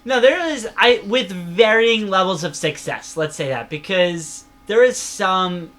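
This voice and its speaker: Young male co-host, bright and eager, quick to laugh. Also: sits high, expressive. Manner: eager, laughs often, looks things up. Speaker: podcast co-host. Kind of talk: casual comics podcast chat.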